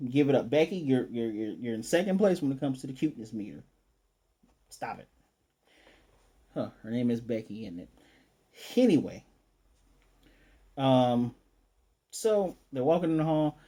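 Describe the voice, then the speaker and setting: Animated man recapping an anime episode. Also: medium pitch. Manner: animated, acts out characters' lines in quick voices. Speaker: anime reviewer.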